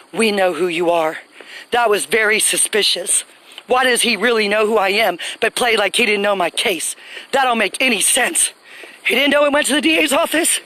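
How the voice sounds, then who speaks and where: A woman's voice: on the high side, bright, forceful tone, poor audio. A woman, ranting angrily to viewers on a phone livestream outdoors, speaking in an indignant, emphatic way.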